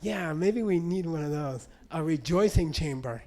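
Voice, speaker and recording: A man's voice: a little high, expressive, normal speed, darkish tone. A man putting on a Catholic priest who soothes and explains customs. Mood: puzzled. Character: reassuring male Catholic priest, a bit cautious.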